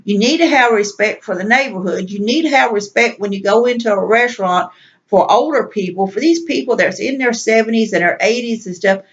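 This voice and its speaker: A woman's voice: fairly high pitch, a little fast. Exasperated woman venting, lo-fi sound. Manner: exasperated, repetitive ranting. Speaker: vlogger. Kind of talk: venting monologue. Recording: dull lo-fi recording.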